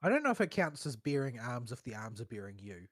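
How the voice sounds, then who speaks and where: A man's voice: medium pitch, big pitch swings, quick pace, fairly bright tone, no room sound. A man co-hosting a podcast in casual chat, opinionated and rambling with a dry wit. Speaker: podcast co-host.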